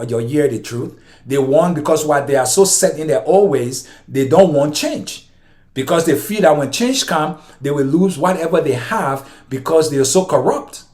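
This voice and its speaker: A man with a Liberian accent and a notably high speaking voice rants passionately about his country's politics. He talks straight to his subscribers, repeating lines for emphasis as his feelings rise. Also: a little mellow. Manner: impassioned, ranting, repeats himself. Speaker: vlogger. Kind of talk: political commentary monologue.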